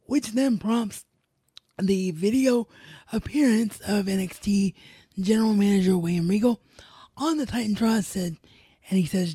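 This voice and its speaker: A woman with a soft, warm, slightly husky voice gives a casual recap of a wrestling show. She relays what each wrestler said in her own plain voice rather than acting it out. The recording is dry and close, with no room sound. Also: medium pitch, measured pace, pauses often, dry recording. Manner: retells events and quotes in her own voice.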